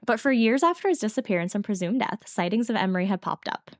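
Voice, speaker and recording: Fast-talking woman podcast host. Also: medium pitch, big pitch swings, no room sound, studio quality. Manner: fast, chatty storytelling from notes. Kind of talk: casual true-crime chat.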